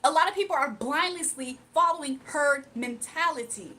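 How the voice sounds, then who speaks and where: With a high-pitched voice that sounds pushed and bright, a young livestream host rants heatedly at a moderate pace. She keeps repeating her points emphatically and speaks straight to her chat.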